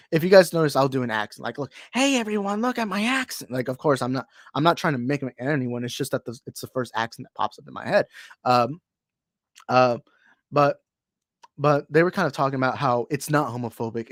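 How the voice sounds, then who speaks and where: A man's voice: medium pitch, a little fast, no room sound, clean studio sound. A young man co-hosting a podcast in casual chat, rambling and heated, full of restarts. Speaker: podcast co-host.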